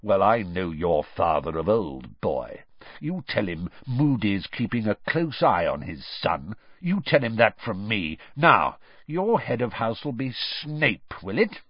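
A gruff old battle-scarred wizard, put on by a male audiobook narrator, growling low and gravelly with blunt menace. The husky voice swings widely in pitch, and the recording sounds dull and dry. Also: big pitch swings, slow, no room sound, exaggerated voice. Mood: menacing growl.

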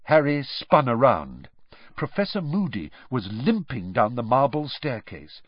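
A man narrating a storybook in an expressive, lively way. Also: mid-range voice, measured pace, breathy edge, no room sound. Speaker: audiobook narrator. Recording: dull, dry close-mic recording.

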